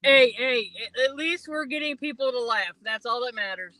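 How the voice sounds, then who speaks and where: A man's voice: extremely high pitch, moderate pace, pushed and bright, no echo, rough recording. A man guest on a casual podcast, upbeat and coaxing, often laughing along. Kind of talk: casual livestream chat.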